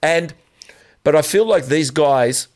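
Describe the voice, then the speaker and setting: A man's voice: on the high side, takes it slowly. A man hosting an interview podcast, talking in a rambling, opinionated way with many restarts. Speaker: podcast host. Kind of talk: casual conversational interview.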